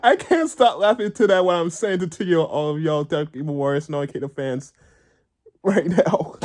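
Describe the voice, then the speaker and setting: A man's voice: on the high side, animated, normal speed, a little mellow. A man telling a story to his viewers in a casual vlog, stammering, repeating words and giggling all the way through. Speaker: gaming vlogger.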